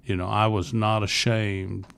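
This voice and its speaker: Gravelly-voiced man in his sixties, earnest. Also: fairly low pitch, flat delivery, unhurried, a bit bright. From Florida, USA. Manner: earnest, candid, rambling with restarts. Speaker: podcast guest, youth ministry leader. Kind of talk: casual interview storytelling.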